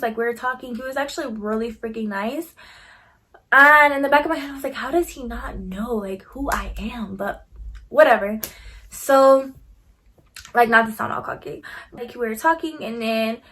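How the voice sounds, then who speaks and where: A woman's voice: fairly high pitch, bright, forceful tone. A young woman telling a personal story in a casual, chatty way, full of "like" and swearing, acting out her own side of conversations. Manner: chatty, heavy use of "like", swearing, quoting herself.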